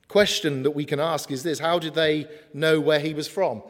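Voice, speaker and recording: A man preaching a sermon in an earnest way, slowing down for emphatic lines. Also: on the high side, steady tone. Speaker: pastor. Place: church hall. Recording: long hall reverb.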